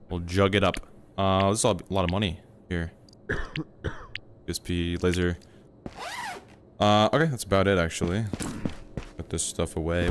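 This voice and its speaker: A man's voice: lowish voice, fairly even intonation, normal speed, long pauses, slight background noise. A man streaming a game, chatting casually and rambling to his teammate and viewers on a headset mic. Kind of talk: casual livestream gaming chat.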